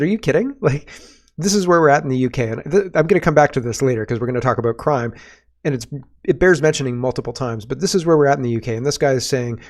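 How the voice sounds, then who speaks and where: A man hosting a political commentary podcast, reading posts aloud and reacting with sardonic, emphatic asides and rhetorical questions. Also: mid-range voice. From Canada.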